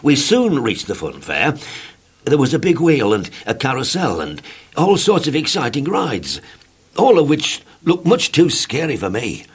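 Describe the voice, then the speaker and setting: A middle-aged man reading a children's storybook aloud with a lively, expressive delivery. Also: medium pitch, a little slow, breathy edge. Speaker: narrator.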